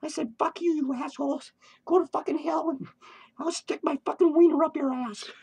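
This comedic character vlog features an unhinged, tipsy, hyper clown ranting crudely and swearing in a home studio, drifting manically between thoughts. The man's shrill voice is pitched well above normal and creaky with a darkish tone, steady and at normal speed, and it erupts into cackling laughs.

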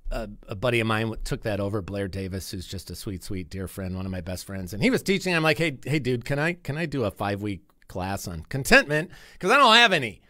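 A middle-aged radio host talks earnestly from his studio in a loose, rambling way, restarting sentences and repeating himself. His ordinary-pitched voice sounds close, dry and a bit bright, with no echo or room around it.

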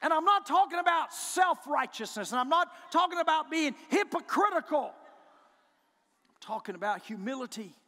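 A man preaching a sermon as pastor, building from low, intent statements to shouted declarations with repeated lines. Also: expressive, moderate pace, big-room sound. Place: church sanctuary.

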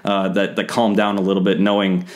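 A man co-hosting a casual podcast, telling a story in a halting way with many restarts. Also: low voice, monotone. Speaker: podcast co-host, former instructor.

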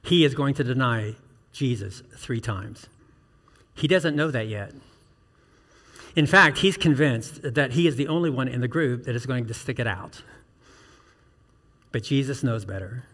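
A man delivers a sermon as pastor, in a middle-pitched voice that climbs to emphatic, urgent peaks. He puts pointed questions to the listeners. His voice trails into a long church reverb. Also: expressive, unhurried, long pauses, fairly bright tone. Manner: earnest preaching with rhetorical questions and rising emphatic peaks. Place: church sanctuary.

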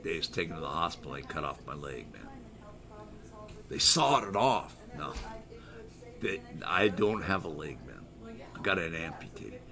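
A man's voice: sits low, expressive, moderate pace, gravelly, long pauses, crowd noise. A middle-aged American man hosting a live stream, rambling and joking as he reads viewer chat aloud in casual talk. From United States.

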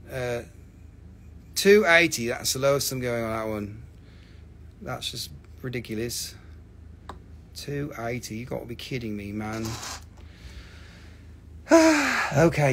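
A man's voice: medium pitch, slight background noise. A man hosting a live crystal sale, joking and teasing viewers, swearing freely and acting out mock despair over his own discounts. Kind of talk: joking live sales chat.

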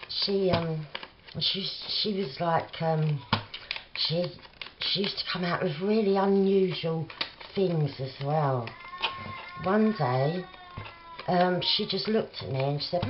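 A middle-aged woman with a Cockney accent talks slowly and softly while she works on her crafts, drifting between thoughts with lots of ums. Her voice sits low and relaxed. The recording is dull and lo-fi, with steady noise in the background. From England. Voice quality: soft, rambling with many fillers. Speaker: craft vlogger. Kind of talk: casual chatty crafting commentary.

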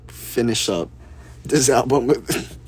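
Slow, soft-spoken man chatting. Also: mid-range voice, slightly rough. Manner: soft-spoken, unhurried, reads questions aloud. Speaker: livestreamer answering fan questions. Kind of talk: casual live chat.

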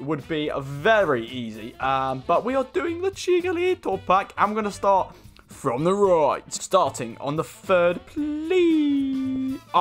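A young man commentating as he opens game card packs, excitable and swearing, with sudden shouts. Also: fairly high pitch. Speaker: gaming YouTuber. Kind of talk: excitable pack-opening commentary.

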